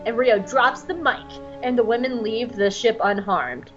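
A woman's voice: a little high, measured pace, dull audio, over music. A woman co-hosting a podcast, recapping an episode in a casual, gushing way full of "like". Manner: bubbly, gushing, filler-heavy. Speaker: podcast co-host.

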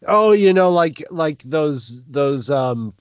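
A male podcast co-host with a mid-pitched voice, tossing in dry, joking asides. The sound is close and dry with no room echo, and the recording is dull and lo-fi. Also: expressive, takes it slowly. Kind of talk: casual comedic chat.

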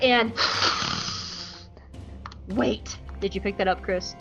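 A woman hosting a podcast, recapping an episode in an animated, profane, jokey way on a close mic. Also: a little high, slow pace, long pauses, over music, low-quality recording. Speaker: podcast host.

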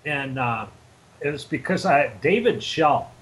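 A man's voice: a little high, lively intonation, measured pace, fairly bright tone. A man reminiscing casually about school days with old friends, telling stories with crude jokes and frequent laughter. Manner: laughing storyteller, crude joking. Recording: noisy background.

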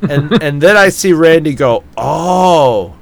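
A man's voice: a little high, moderate pace, fairly bright tone. A man casually telling a drunken story on a podcast, swearing often, laughing and acting out what people said.

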